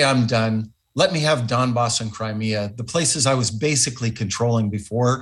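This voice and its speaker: A man's voice: medium pitch, a bit bright. A middle-aged man, a former ambassador, answering radio interview questions in a thoughtful, emphatic way. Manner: thoughtful, emphatic, with fillers and restarts.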